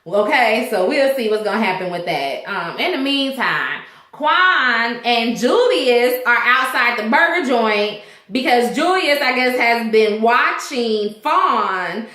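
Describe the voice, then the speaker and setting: A woman's voice: fairly high pitch, expressive, slow pace, bright, forceful tone, reverberant. A woman recapping a TV episode in a rambling, chatty way. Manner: rambling, chatty, acts out characters' lines. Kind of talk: casual recap chat.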